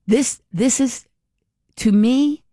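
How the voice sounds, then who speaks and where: A woman's voice: a little high, very slow, warm tone, dry recording, clean studio sound. A woman giving opinionated political commentary, indignant and sarcastic, firing off rhetorical questions.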